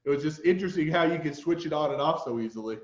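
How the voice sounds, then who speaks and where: A man's voice: a little high, animated, fast talker, reverberant, highs cut off. A man with a Utah accent hosting a podcast interview, rambling and drifting into side tangents. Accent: Utah American. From Utah, USA. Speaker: podcast host. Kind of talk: casual interview.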